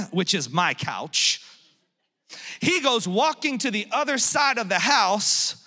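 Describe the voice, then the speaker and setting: A man in his thirties preaching with a high, bright voice and an animated storytelling manner, acting out his family's dialogue. His sermon rings with the long reverb of a large church hall. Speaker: pastor.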